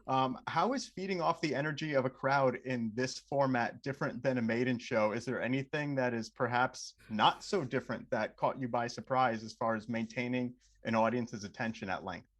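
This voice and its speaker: A man interviewing a guest, asking long, measured questions in a friendly way. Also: mid-range voice, fairly bright tone.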